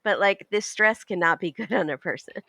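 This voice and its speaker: Bright, wry woman podcast guest. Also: medium pitch, fairly quick, creaky, dry recording, clean studio sound. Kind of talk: casual chat about TV.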